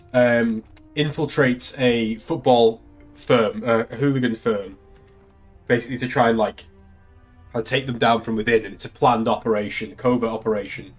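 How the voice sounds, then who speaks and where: A man's voice: medium pitch, breathy edge. An English man, a young adult, chatting casually on a live stream, laughing often and swearing freely. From England. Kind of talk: casual chat.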